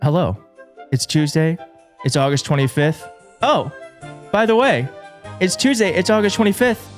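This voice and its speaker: A man hosting a live political commentary show, excitable and jokey, often restarting his sentences. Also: fairly high pitch, moderate pace, soft background music. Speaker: show host. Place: studio in a big city.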